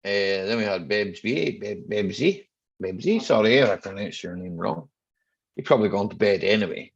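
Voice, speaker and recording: A man's voice: on the low side, normal speed, creaky, breathy edge, muffled recording. A man hosting a casual live stream chat, greeting viewers one by one by name in a chatty, easygoing way. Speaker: livestream host.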